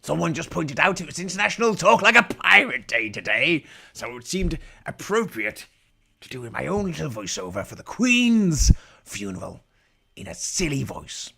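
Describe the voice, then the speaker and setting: A man's voice: on the high side, sing-song, moderate pace, vocal fry, pushed and bright, breathy edge. A man giving irreverent live commentary in a mock pirate voice, dropping growling asides between jokes. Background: faint music from the broadcast feed.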